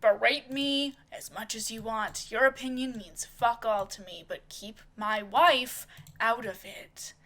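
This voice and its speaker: A woman's voice: a little high, measured pace, pushed and bright. A woman voicing an irritated male office worker who answers in curt, exasperated lines.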